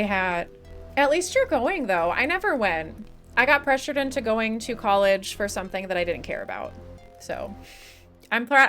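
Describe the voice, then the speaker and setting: Casual banter with her live chat comes from a young woman whose medium-pitched voice has a fairly bright tone. Laughing and swearing a lot, she's beginning to lose her voice.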